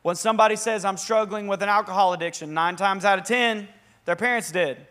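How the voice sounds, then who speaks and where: A young man preaching a sermon as a pastor, conversational and energetic with bursts of emphasis. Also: sits high, fairly quick.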